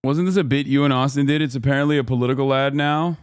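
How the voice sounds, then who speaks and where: A man's voice: medium pitch, fairly even intonation, fast, slight background noise. A man hosting a live stream, chatting casually and joking back at his chat. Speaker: livestream host. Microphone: close streaming mic.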